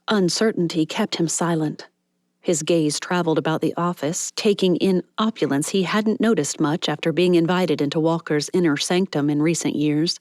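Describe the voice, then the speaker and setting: A woman reading a novel aloud as audiobook narrator, in measured storytelling narration. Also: low-pitched, steady tone, darkish tone, no echo, studio quality. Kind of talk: scripted narration.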